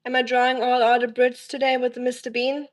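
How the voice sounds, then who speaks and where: A woman's voice: fairly high pitch, flat delivery, fairly quick, low-quality recording. Chatty streamer woman. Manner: chatty, answering viewers' messages. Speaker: live streamer. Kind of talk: casual live-stream chat.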